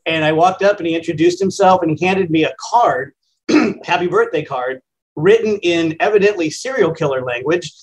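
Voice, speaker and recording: A man's voice: a little high, normal speed, poor audio. A man in his fifties, a radio host, answering interview questions in a plainspoken, conversational, self-deprecating way. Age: 50s.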